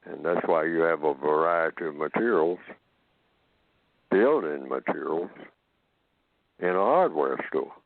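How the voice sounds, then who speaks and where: A man who is a guest on a call-in radio program, speaking slowly and repeating phrases for emphasis. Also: a bass voice, animated, gravelly, dry recording. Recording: tinny phone-line audio.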